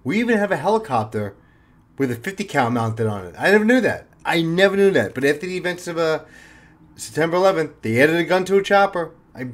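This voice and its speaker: A man, a former police officer, telling a story in a casual, animated way and swearing freely. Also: a little high. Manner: animated, swears freely, acts out his own panic.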